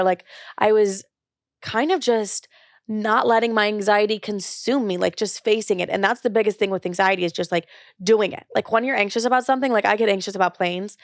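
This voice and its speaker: A young woman hosts her own podcast, speaking in a loose, chatty monologue full of "like" and frank swearing. Her voice sits at an ordinary pitch for a woman. The sound is close and dry, with no room around it. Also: no room sound. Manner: candid and blunt, swears freely; chatty with frequent "like" fillers. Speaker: podcast host.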